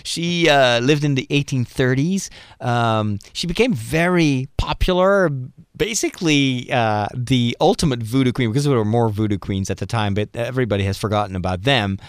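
Here a male host discusses films on his podcast, his mid-range voice smooth and moderately paced, with no echo and clean studio sound. He's casual and excited, often starting over as he reasons things out aloud.

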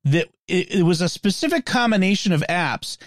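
Man, slightly high voice, casual tech talk, lots of restarts, dry close mic. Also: expressive, normal speed, no room sound. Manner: chatty, frequent restarts and fillers. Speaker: podcast co-host.

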